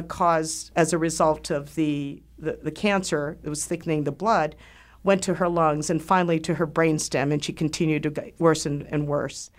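A middle-aged woman hosts the show in a fairly low voice. She talks slowly and earnestly. Her tone stays heartfelt throughout. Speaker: host. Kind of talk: scripted monologue.

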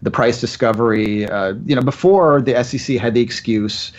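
A man with a mid-range voice and moderate pace appears as a guest analyst on a finance radio show. He speaks chattily with lots of "uh" fillers while offering confident opinions, and the sound is lo-fi.

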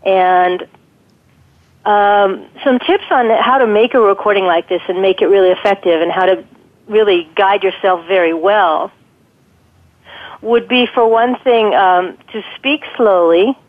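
A woman guest expert giving thoughtful, explanatory advice in an interview, pausing often with ums. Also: medium pitch. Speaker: guest expert on guided imagery. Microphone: telephone. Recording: tinny phone line.

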